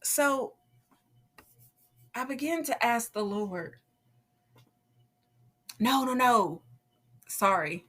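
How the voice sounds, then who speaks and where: A woman's voice: on the high side, drawn-out words, pauses often. A woman hosting a podcast, casually and animatedly telling her own faith testimony. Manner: animated, acts out quoted voices, laughs often. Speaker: podcast host.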